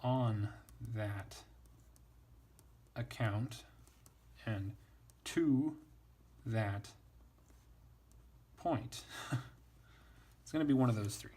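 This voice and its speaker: A man's voice: lowish voice, drawn-out words, long pauses, dark tone, breathy edge. A man teaching Latin translation in a casual, thinking-aloud way, wry and self-deprecating.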